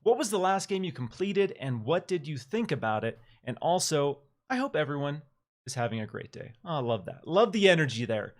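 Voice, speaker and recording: A man hosting a casual live-streamed gaming chat, talking with animated energy and reading out viewer messages. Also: on the high side, brisk. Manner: animated, reads viewer comments aloud. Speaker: podcast host.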